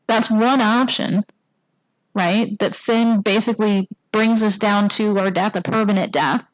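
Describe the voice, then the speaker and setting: A woman's voice: medium pitch, steady tone, unhurried, no room sound, poor audio. A woman giving a conversational sermon in church. She keeps asking the congregation "right?" and acts out the quoted lines. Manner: casual, asks the congregation "right?" often. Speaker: church speaker. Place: church sanctuary.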